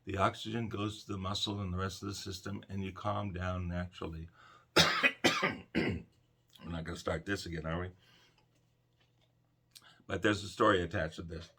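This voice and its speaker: Deep gravelly male counselor, calm. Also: moderate pace, long pauses. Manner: calm, conversational, storytelling. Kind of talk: calm self-help talk to camera.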